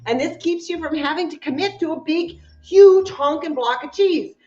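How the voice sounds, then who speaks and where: A woman with a high voice talks slowly and warmly to her live-stream viewers from her kitchen, bubbly and quick to laugh. The sound is dull and lo-fi, and it rings around an echoey kitchen. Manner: bubbly, chatty, breaks into laughter. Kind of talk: casual live-stream chat. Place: home kitchen.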